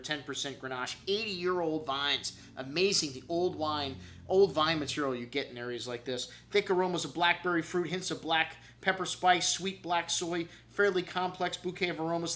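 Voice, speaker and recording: A man's voice: on the high side, bright, forceful tone. A man hosting a wine show, rattling off casual, enthusiastic tasting notes with frequent fillers. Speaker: wine shop host.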